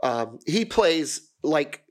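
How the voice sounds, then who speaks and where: Rambling, higher-voiced man chatting casually. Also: very animated, very slow. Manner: rambling, self-deprecating, many fillers and restarts. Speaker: podcast co-host. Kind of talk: casual chat.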